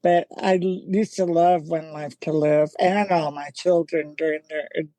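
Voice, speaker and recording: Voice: mid-range voice, fairly even intonation, a little slow, warm tone, no room sound. A guest in a casual interview telling rambling anecdotes, with many restarts and laughs. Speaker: guest, magazine founder and band singer.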